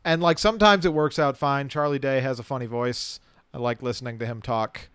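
A man's voice: medium pitch, steady tone, fairly quick, fairly bright tone, smooth, no echo, studio quality. A man co-hosting a casual movie podcast, frank and opinionated, often restarting his sentences. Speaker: podcast co-host, film critic.

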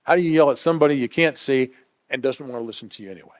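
A man preaching a sermon, swinging from emphatic declarations to hushed, intimate asides. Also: medium pitch, very fast.

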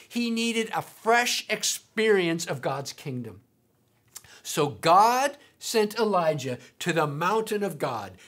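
A woman preaching a sermon, emphatic, repeating key points slowly. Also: medium pitch, a bit bright, slightly rough.

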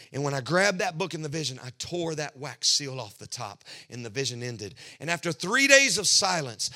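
A young male preacher delivers a sermon in a church, telling his story with passion. His voice is bright and forceful and sits a little high. He swings from loud cries to near-whispered lines.

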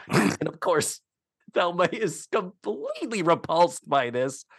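Brief: male podcast co-host, lively storyteller, fairly high voice, dry close mic. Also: slow, gravelly, slightly rough, no room sound. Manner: animated storytelling, acts out quotes. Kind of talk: casual recap of a TV episode.

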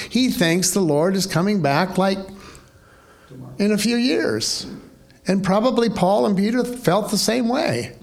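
A man's voice: high voice, gravelly. A man preaching a sermon as pastor, conversational and wry, full of rhetorical questions.

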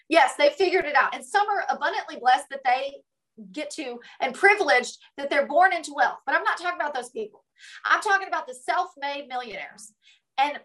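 A woman's voice: high voice, bright, forceful tone, rough recording. A woman giving a motivational business coaching talk, emphatic and driving, checking in with "right?" again and again. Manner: emphatic, peppered with "right?" tags.

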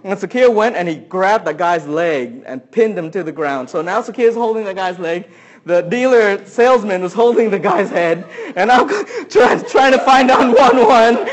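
Man, high voice, pastor, animated sermon story, acts out dialogue, laughs often. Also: normal speed.

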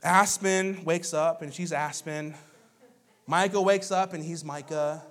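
A man in his thirties preaching a sermon as a pastor, telling stories in a lively, conversational way with asides to the congregation. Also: fairly high pitch, measured pace.

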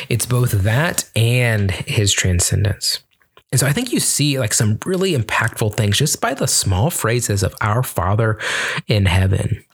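A man's voice: lowish voice, husky. A young man giving an earnest, conversational Bible teaching on prayer, with many fillers and restarts. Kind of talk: casual teaching talk on prayer.

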